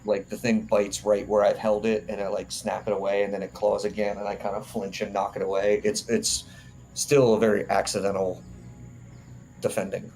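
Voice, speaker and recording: A man's voice: fairly low pitch, level tone, moderate pace, darkish tone, soft background music, low-quality recording. A man playing in a tabletop game, chatting casually and animatedly about his character. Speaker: player.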